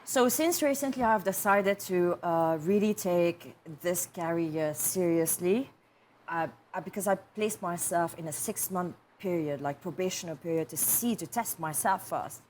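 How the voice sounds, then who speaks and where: A woman being interviewed as a guest on a TV chat show, telling lively stories and laughing often. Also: on the low side, moderate pace, a little hiss or hum. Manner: animated storyteller, laughing often. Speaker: guest actress and model.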